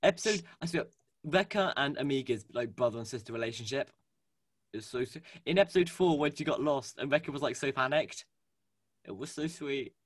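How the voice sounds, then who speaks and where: A man co-hosting a casual fan chat, animated and gushing, with lots of fillers and restarts. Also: medium pitch, fairly quick, no room sound, clean studio sound. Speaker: podcast co-host. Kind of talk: casual fan chat about a cartoon series.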